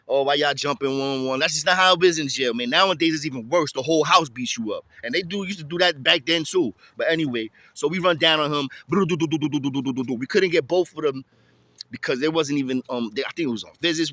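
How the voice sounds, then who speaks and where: A man telling a story in casual street slang, lively and chatty. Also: on the high side, fairly quick, no room sound. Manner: street slang, animated, tosses in "you feel me".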